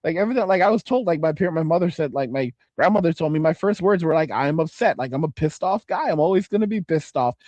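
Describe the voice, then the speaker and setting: A man's voice: fairly high pitch, expressive, quick pace, few pauses, darkish tone, dry recording, dull audio. A man in his forties hosting a casual livestream, reading viewer comments and rambling with lots of swearing and restarts. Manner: profane, rambling, self-interrupting. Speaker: livestream host.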